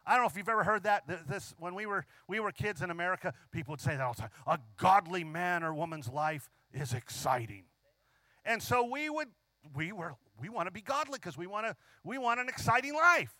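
A man preaching a sermon in a fairly high voice, leaning hard on key phrases and stretching them out. He keeps asking his listeners questions. The sound is dry and close, with no room echo. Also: lively intonation, fast, pushed and bright. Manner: asks the congregation frequent rhetorical questions.

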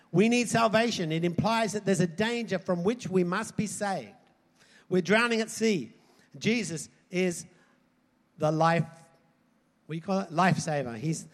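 A man preaching a sermon in an animated way, swinging from loud emphasis to quiet asides. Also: high-pitched. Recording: hall reverb.

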